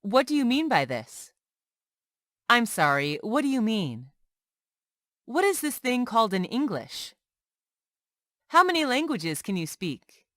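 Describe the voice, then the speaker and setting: Woman, lesson reader, clear careful phrases, lively pitch, dry close sound. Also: no echo. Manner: slow, clearly enunciated phrase-by-phrase reading. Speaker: English teacher. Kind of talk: reading practice phrases aloud.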